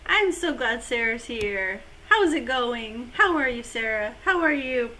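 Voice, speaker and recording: A woman's voice: fairly high pitch, lively intonation, unhurried, sharp tone, slight background noise. A woman hosting a casual live-stream chat, playful and teasing with her co-host.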